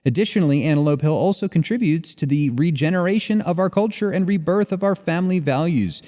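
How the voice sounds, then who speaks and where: A man co-hosting a podcast, reading sponsor spots and joking in a relaxed way with fillers. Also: fairly high pitch, quick pace, in a large hall. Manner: lively, joking, drawls ad reads with fillers. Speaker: podcast co-host. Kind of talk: casual chat and read ads.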